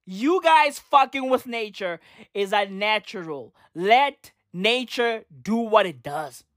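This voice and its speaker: A woman's voice: medium pitch, animated, slow, a bit bright, no room sound, studio quality. A woman from Africa doing a comedic rant to camera, profane and slangy, hammering her points with repetition. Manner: profane, slangy, emphatic, repeats lines for effect. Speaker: comedic commentator.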